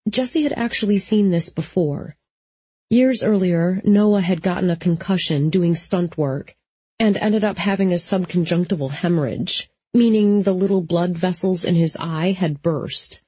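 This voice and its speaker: Husky, low-voiced woman narrating an audiobook. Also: a little slow, mellow, dry recording, lo-fi sound.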